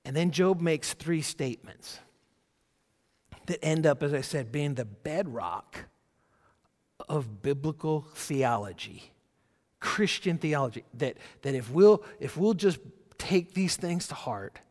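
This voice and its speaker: Preacher guy, kinda high voice, gets loud on the scripture bits, big echoey hall. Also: slow. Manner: animated, rising loud when quoting scripture, conversational asides. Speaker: pastor. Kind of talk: sermon.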